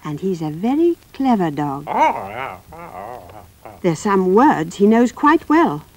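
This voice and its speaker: Woman storyteller for small children, gentle, coaxing, lively pitch. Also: takes it slowly, low-quality recording. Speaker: narrator.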